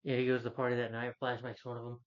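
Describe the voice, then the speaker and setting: A man giving a casual, rambling movie review, retelling the plot with many fillers and putting on higher voices for the characters. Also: completely flat delivery, very fast, muffled recording. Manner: loose, filler-heavy retelling that jumps up in pitch for quoted characters.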